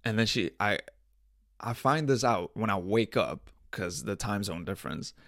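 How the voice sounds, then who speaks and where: A man's voice: on the low side, lively intonation, moderate pace, a bit bright, no room sound, studio quality. Slangy, laughing young man on a podcast. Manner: profane, slangy storytelling with frequent laughs. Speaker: podcast host. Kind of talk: casual solo podcast chat.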